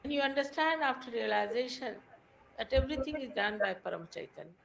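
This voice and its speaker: A woman giving a recorded spiritual lecture, explaining ideas in a measured, teacherly way. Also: on the high side, lively intonation, vocal fry, a little hiss or hum, low-quality recording.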